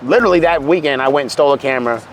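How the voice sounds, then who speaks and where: A man's voice: medium pitch, very fast, a little hiss or hum. A man from California with a Californian accent, telling a story in casual, profane talk and acting out quotes. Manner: animated, profane, acts out quotes. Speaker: streamer guest.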